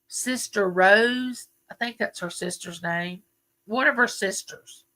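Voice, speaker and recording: A woman's voice: mid-range voice, bright, forceful tone. An older woman, chatting folksily with viewers on her live stream and reminiscing as she goes. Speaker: livestream host. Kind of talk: casual live chat with viewers.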